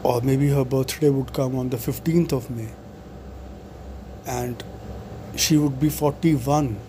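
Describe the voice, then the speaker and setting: A man's voice: mid-range voice, fairly even intonation, takes it slowly, dark tone, a little hiss or hum. A man in his forties, talking to camera in a meandering monologue full of fillers and restarts. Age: 40s. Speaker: video blogger.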